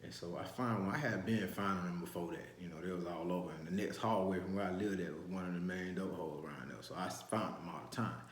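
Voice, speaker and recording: A man's voice: low-pitched, quick pace, hardly any pauses. A man, telling a story from his youth in rambling street slang, with many restarts. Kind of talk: casual first-person storytelling. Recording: roomy echo.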